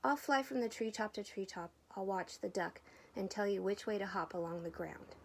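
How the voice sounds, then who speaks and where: A woman voicing a cheerful little bird that calls directions from the treetops in a high voice. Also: moderate pace, vocal fry, a little hiss or hum, close to an everyday voice. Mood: helpful. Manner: high calling voice.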